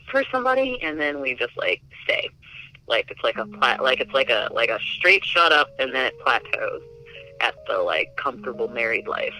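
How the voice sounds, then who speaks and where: A man's voice: mid-range voice, bright, forceful tone, rough recording. A man telling a personal story in a casual, chatty way, filling his speech with "like" and "um". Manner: chatty, filler-heavy with many likes. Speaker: interviewee.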